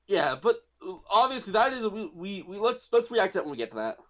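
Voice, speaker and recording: A man's voice: high voice, sing-song, fast talker, fairly bright tone. A man co-hosting a casual stream chat in a playful, joking way. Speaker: stream co-host.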